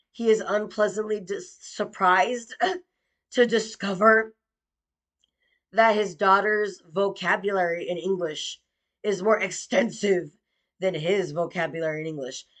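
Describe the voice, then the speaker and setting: A woman's voice: mid-range voice, fairly even intonation, unhurried. A young woman telling a personal story in a sarcastic, mocking tone, with frequent swearing.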